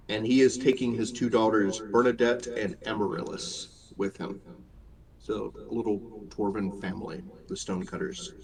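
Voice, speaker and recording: A man narrating as game master at a live tabletop game, measured and descriptive, with an occasional uh or um. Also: lowish voice. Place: convention gaming floor. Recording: noisy convention hall crowd.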